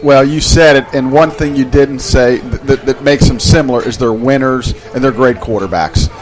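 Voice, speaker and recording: A man's voice: medium pitch, moderate pace, rough recording. A male color commentator with a mid-range voice. He talks in a folksy, chatty manner, leaning on little fillers as he shares his thoughts with his broadcast partner. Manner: folksy, conversational, many fillers.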